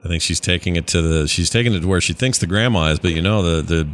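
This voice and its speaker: A man's voice: deep voice, quick pace, a little hiss or hum. A man giving casual reaction commentary on an old sitcom, wry and sarcastic with chuckling asides. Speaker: reviewer watching an old sitcom.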